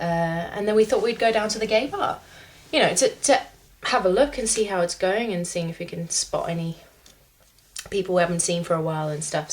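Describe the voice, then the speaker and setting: Chatty woman telling a story. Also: lowish voice. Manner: chatty, rambling with many fillers. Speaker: vlogger. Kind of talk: casual storytelling to camera.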